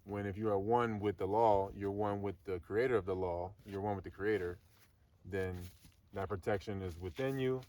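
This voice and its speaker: A man talking loosely about law and self-control, halting with many fillers and restarts and trailing off softly. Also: fairly low pitch, fairly even intonation, distant mic. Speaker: Latin lesson co-host. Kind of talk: rambling philosophical talk.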